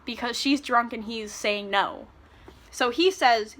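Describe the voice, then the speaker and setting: A woman giving a ranting book review, retelling scenes in an animated, sarcastic way and swearing freely. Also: fairly high pitch, unhurried.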